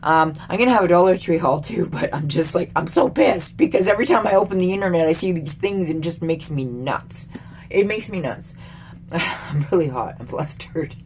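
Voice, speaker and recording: A woman's voice: on the low side, normal speed, darkish tone, a little hiss or hum. A middle-aged woman from Canada, a vlogger, ranting angrily about politics to camera with lots of swearing and exasperation. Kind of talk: angry political rant to camera.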